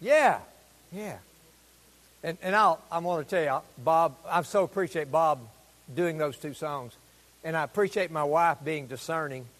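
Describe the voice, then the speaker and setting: A man preaching a sermon as pastor in a church, exuberant, with loud proclamations. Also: a little high, unhurried. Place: church sanctuary. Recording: long reverb of a church hall.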